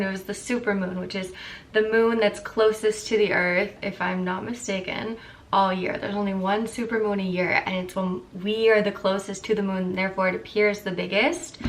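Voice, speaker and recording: A young woman in her twenties with a croaky morning voice, chatting candidly and rambling to camera as a vlogger. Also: medium pitch, fairly bright tone, distant mic. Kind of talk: casual chat to camera.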